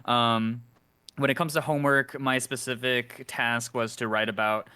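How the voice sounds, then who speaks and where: Bright, crisp-voiced man chatting. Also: medium pitch, fairly even intonation, moderate pace, no room sound. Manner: chatty, laughs between phrases. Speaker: group member. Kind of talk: casual check-in.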